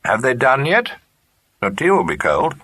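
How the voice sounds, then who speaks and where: A man's voice: medium pitch, huge pitch swings, moderate pace, slightly rough, voice pushed up, exaggerated voice. A man voicing a scornful old great-aunt. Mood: testy. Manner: sharp, scornful, easily offended.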